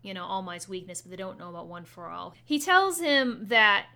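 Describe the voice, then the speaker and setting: A woman co-hosting a casual anime recap chat, chatty and quick to laugh. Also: mid-range voice, gravelly, bright, forceful tone. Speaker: podcast co-host.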